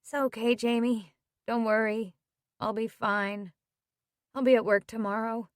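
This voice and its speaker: A woman reading an audiobook, voicing a heartbroken young woman who is soft-spoken and wry. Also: on the high side, level tone, measured pace, no echo, studio quality, close to an everyday voice. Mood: glum.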